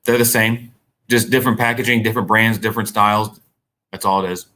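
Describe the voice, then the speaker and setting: Bright-voiced man giving product training. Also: lowish voice, fairly quick. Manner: relaxed, conversational, many restarts. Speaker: vendor trainer.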